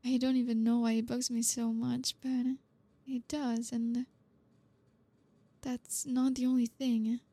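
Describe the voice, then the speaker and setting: A woman voicing a blunt, reserved young woman who is gruff but caring, talking to the listener in an audio role-play in a halting, awkward way. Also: fairly high pitch, flat delivery, dark tone, no room sound. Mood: blunt, confronting. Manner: halting, awkward, stumbling over words.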